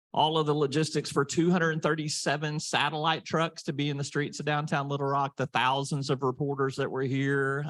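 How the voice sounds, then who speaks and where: A man's voice: mid-range voice, a bit bright, no echo. A man moderating a panel, telling a story in a folksy, casual way with many fillers. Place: meeting room.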